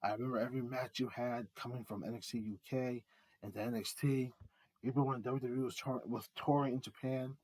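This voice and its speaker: A man's voice: mid-range voice, fairly even intonation, brisk, darkish tone, no echo. A man giving a rambling, earnest fan monologue, repeating himself and building up announcer-style reveals. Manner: earnest, heartfelt tribute. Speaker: art vlogger.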